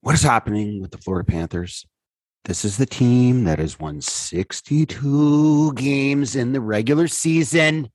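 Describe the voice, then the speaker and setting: Husky-voiced man ranting about hockey. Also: lively intonation, a little slow, a little mellow, no echo. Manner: exasperated rants, swearing, voice jumping high when worked up. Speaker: podcast co-host. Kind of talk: casual sports chat.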